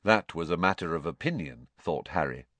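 A man giving expressive scripted narration of a storybook audiobook. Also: low-pitched, moderate pace, no room sound.

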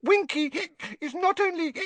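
A man doing a squeaky drunk tearful elf woman. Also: measured pace, a bit bright, no echo. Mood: indignant. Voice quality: squeaky, slurred broken grammar. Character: drunk tearful female house elf, loyal. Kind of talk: audiobook character voice.

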